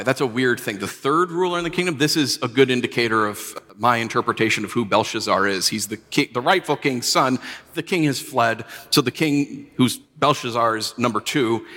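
A man preaching a sermon as pastor, telling stories and rising to animated emphasis. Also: medium pitch, moderate pace, big-room sound.

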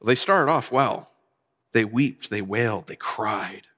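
A man in his forties preaching a sermon, telling personal stories in a conversational way and growing quiet at sad moments. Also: fairly low pitch, lively intonation, takes it slowly, big-room sound. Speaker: pastor.

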